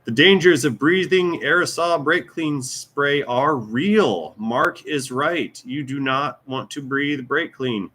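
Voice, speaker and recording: A man's voice: mid-range voice, slow, few pauses, pushed and bright. A man with a Floridian Southern accent, a mechanic hosting a casual Q&A and chatting in a rambling, joking way. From American South. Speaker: mechanic and channel host. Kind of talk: casual livestream Q&A chat.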